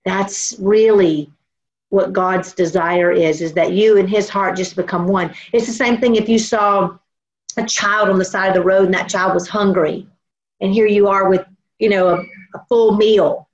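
A woman preaching a sermon in an earnest, storytelling way, slowing down to stress her points. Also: mid-range voice, fairly even intonation. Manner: earnest, storytelling, slows for emphasis. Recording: dull lo-fi recording.

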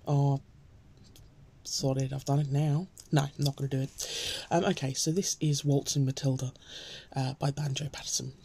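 A woman chatting casually to her viewers and reading a poem aloud, soft-spoken and often slipping into a whisper. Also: a bass voice, little pitch movement, moderate pace, creaky, a little hiss or hum. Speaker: host of a daily poem reading. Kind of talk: casual chat and poetry reading.

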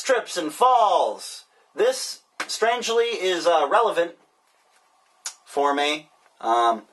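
A man's voice: a little high, fairly bright tone. Wry rambling man opening mail. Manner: sarcastic, rambling, joking. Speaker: vlogger. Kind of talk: casual mail-opening vlog. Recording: distant mic, faint hiss.

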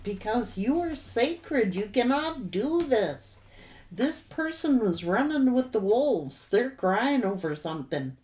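A woman giving a tarot reading to her audience, speaking straight to the viewer with drawn-out remarks and sudden exclamations. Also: fairly high pitch, sing-song, a little mellow, a little hiss or hum. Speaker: tarot reader.

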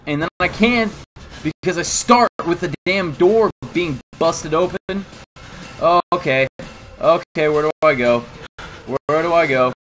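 A man giving horror game commentary as a let's play gamer, jumpy and swearing constantly, breaking into panicked yelling. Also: a little high, a little slow, rough recording. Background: game music.

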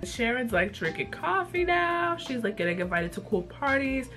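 A young woman vlogger casually retelling a cartoon episode in a profane, slangy, animated way. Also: on the high side, moderate pace, soft background music. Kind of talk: casual chat.

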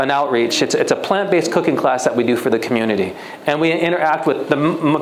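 A man's voice: on the high side, echoey room, slight background noise, low-quality recording. A young man, a guest speaker at a church retreat, telling a personal story in a conversational way and acting out the dialogue. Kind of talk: sermon storytelling.

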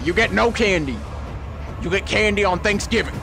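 A man voicing an angry rural homeowner with a Southern accent, gruff and bossy as he yells at trick-or-treaters in a game. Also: sits high, sing-song, quick pace, over music, voice pushed up.

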